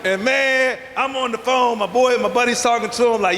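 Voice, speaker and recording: A man from the American South, a vegan chef giving an energetic motivational talk at a festival, preacher-like, calling out to the crowd for responses. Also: very high-pitched, moderate pace. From Southern United States. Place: large indoor festival hall. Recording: echoey hall with a long reverb tail.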